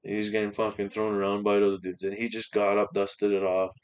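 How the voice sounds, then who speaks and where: A man's voice: lowish voice, fairly quick, smooth. A young man from Canada telling a rambling, profane story on a casual podcast, acting out the other people's lines. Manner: swearing, animated anecdote with quoted voices. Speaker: podcast guest.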